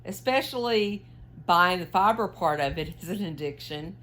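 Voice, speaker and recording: A woman's voice: fairly low pitch, expressive, normal speed, a bit bright. A woman, chatting casually to her viewers while she knits, full of fillers and questions and a little tired. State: yawning, tired. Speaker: knitting vlogger. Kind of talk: casual chat while knitting.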